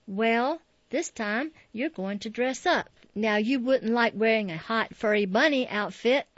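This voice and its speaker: A woman's voice: fairly high pitch, unhurried, no room sound, close to an everyday voice. A woman voicing a strict schoolteacher who speaks in a firm, commanding way in a storybook reading. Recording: dull, dry lo-fi audio.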